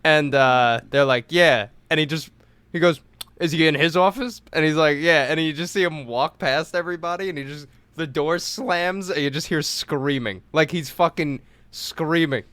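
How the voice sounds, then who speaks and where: A man's voice: a little high, moderate pace, clean tone, no echo. Swearing young man telling a story. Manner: animated storyteller, swears freely, acts out quotes. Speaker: podcast co-host. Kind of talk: casual storytelling chat.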